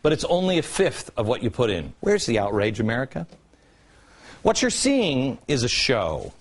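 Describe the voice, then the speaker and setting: A man in his forties, much like a TV commentary host, works through a prepared political rant at a moderate pace. He fires off sarcastic rhetorical questions while his pitch swoops wildly up and down.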